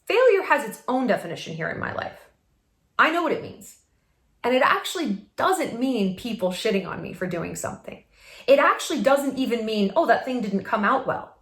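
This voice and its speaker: A woman hosting a vlog, giving a casual motivational talk to camera, emphatic and laughing often. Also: high voice. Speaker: vlog host. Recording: echoey room.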